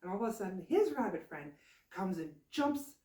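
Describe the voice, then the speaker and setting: A woman telling a folk tale in a chatty, animated, casual way. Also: mid-range voice, moderate pace. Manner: chatty, animated, laughs often. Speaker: storyteller. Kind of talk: casual oral storytelling. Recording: roomy, distant mic.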